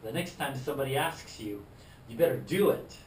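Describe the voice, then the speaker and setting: A man voicing a tough, hot-tempered male Vietnam veteran biker who talks loud, blunt and bossy. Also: mid-range voice, lively intonation, fairly quick, a little hiss or hum, natural voice. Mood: gruff, pushy. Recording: roomy, distant mic.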